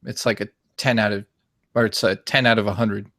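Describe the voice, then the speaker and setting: A man's voice: lowish voice, steady tone, fairly quick, fairly bright tone. A young man, a guest YouTuber, chatting casually and joking around with impressions. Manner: jokey, trying out silly impressions. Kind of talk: casual livestream chat.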